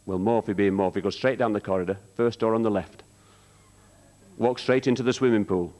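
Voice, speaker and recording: A man telling rambling stand-up jokes on a theatre stage, pausing with ums and jumping into shouted character voices. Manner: rambling, hesitant, full of ums between jokes; jumps into high shouted character voices for punchlines. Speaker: stand-up comic at a charity show.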